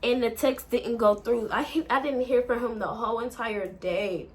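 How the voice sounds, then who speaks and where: A woman's voice: on the high side, moderate pace. A woman vlogger, telling a breakup story in a rambling, emotional way and swearing a lot. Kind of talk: casual storytime.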